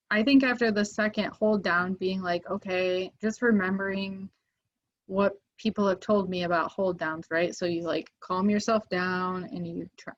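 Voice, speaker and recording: A young woman recounts a story as a podcast guest, animated and full of "like" fillers. Her voice sits at a middle pitch for a woman. The sound is a bit muffled and lo-fi. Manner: animated, many "like" fillers, acts out quoted voices. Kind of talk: casual storytelling. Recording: muffled lo-fi audio.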